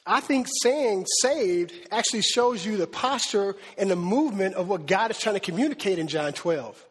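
A man preaching a sermon with animated, emphatic delivery, repeating words for stress. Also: high-pitched, moderate pace, breathy edge. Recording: long hall reverb.

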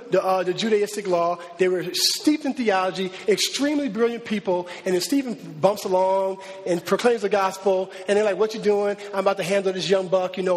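High-voiced preacher in a reverberant hall. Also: male voice. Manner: animated, informal, many fillers and restarts. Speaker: pastor. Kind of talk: conversational sermon.

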